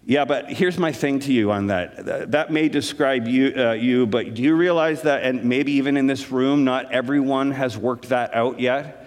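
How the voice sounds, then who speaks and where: A man's voice: mid-range voice, normal speed, few pauses, long reverb tail. A pastor preaching a sermon to his congregation in an earnest, conversational way, pressing his points with rising emphasis.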